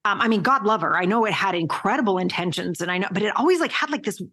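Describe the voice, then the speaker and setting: A woman guest on an interview podcast, talking in an animated, emphatic way with casual swearing. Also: mid-range voice, fast talker.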